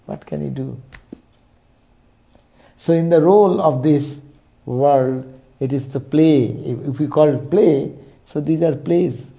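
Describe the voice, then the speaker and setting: A man's voice: a little high, slow, gravelly, long pauses, warm tone. A man giving a spiritual sermon, telling stories and checking in with rhetorical asides. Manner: storytelling, frequent rhetorical "eh?". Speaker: spiritual teacher.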